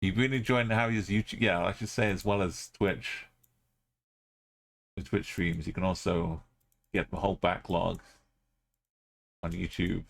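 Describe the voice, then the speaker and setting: A man's voice: deep voice, steady tone, a little slow, vocal fry, long pauses. A man streaming a game live, thinking aloud as he plays and chatting with his viewers.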